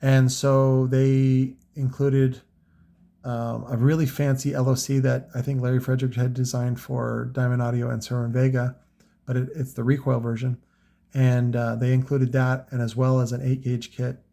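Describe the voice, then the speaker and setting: Here a car audio seller talks casually about his gear in a mid-range, monotone voice that is gravelly and mellow, at a moderate pace. It's unscripted and rambling, full of fillers and curse words.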